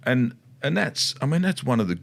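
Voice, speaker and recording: A man's voice: medium pitch, sing-song, normal speed, gravelly. A middle-aged Australian man co-hosting a casual talk about riding, rambling with many restarts and asides. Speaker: motorcycle dealership co-host. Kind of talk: casual chat.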